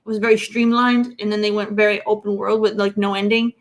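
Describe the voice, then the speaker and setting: A woman co-hosting a casual gaming talk show, teasing and quick to laugh. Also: mid-range voice, flat delivery. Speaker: podcast co-host.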